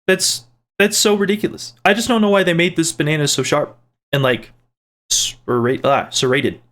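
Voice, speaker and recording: A man with a fairly high voice chats casually as he reads through comments from his viewers. He rambles, restarts his sentences and tosses in little jokes as he replies, keeping a playful tone throughout. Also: steady tone, normal speed, fairly bright tone. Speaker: channel host reading viewer comments. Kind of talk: casual chat.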